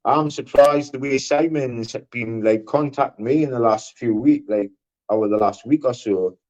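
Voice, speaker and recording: A man co-hosting a livestream panel, arguing loudly, swearing and mimicking the people he argues with. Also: medium pitch, moderate pace. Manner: loud, sweary, mimicking others. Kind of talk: heated livestream argument. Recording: muffled lo-fi stream audio.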